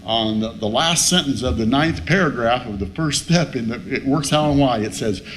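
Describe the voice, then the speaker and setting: A man's voice: mid-range voice, normal speed, fairly bright tone, slight background noise. A man speaking at a recovery meeting, telling a funny personal story with plenty of cussing and acted-out moments. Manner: salty, swearing storyteller who acts out his past self. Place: meeting room.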